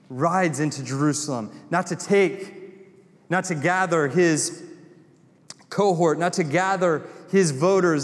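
Impassioned Southern pastor in a reverberant hall. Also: male voice, a little high. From North Carolina. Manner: impassioned, builds to emphatic repeated lines. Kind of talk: sermon.

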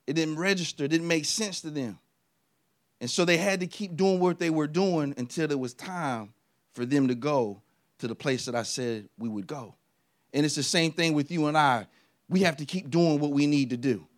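A middle-aged American man preaching a lively sermon, telling personal stories and swinging between loud punches and quiet asides. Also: fairly high pitch, normal speed. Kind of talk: energetic sermon.

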